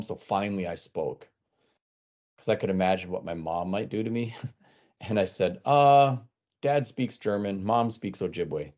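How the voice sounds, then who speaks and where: A man's voice: on the low side, expressive, measured pace, pauses often, darkish tone, highs cut off. A man telling a personal story in a wry, conversational talk, acting out the voices of people he quotes. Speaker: speaker.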